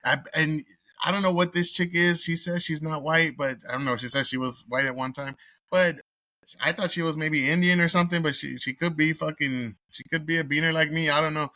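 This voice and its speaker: A man from Texas talks through a film review in a blunt, swear-filled rant. His voice is bright and forceful, and the sound is dry with no room echo. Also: on the high side, fairly even intonation, fairly quick. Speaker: movie reviewer host. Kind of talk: casual profane review rant.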